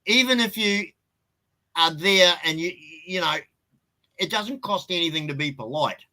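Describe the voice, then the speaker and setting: A man's voice: sits high, animated, a little slow, sharp tone, rough recording. An Australian man with an Australian accent, ranting bluntly and swearing freely in a casual live-stream chat.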